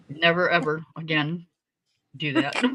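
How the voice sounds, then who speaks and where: A woman's voice: low voice, noisy background. A middle-aged woman hosting a casual chat, telling a story with lots of laughter and free swearing. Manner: animated, laughing often, swearing freely. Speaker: host.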